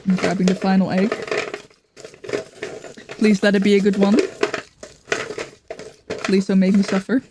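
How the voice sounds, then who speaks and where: A woman's voice: mid-range voice, flat delivery, a little slow, pauses often, background noise. A woman streaming a game, chatting casually with viewers by name and cooing at her cat from her computer chair. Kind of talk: casual live-stream chat.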